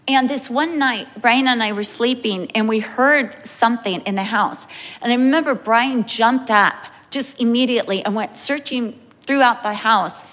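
High-voiced woman preaching in a hall. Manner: animated storytelling, acting out quotes. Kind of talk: sermon with personal story. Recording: reverberant hall.

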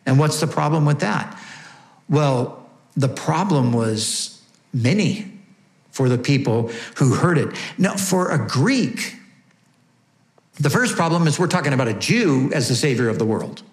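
A man preaching a sermon, emphatic and asking rhetorical questions, slowing down on key words. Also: mid-range voice, lively intonation, echoey room. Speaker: pastor.

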